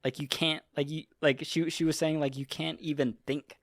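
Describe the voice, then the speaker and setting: A podcast host with a voice on the high side speaks at a moderate pace in a flat delivery, with no room sound. Chatting casually, he retells a story in a loose, rambling way, full of swearing, filler, and heavy use of "like".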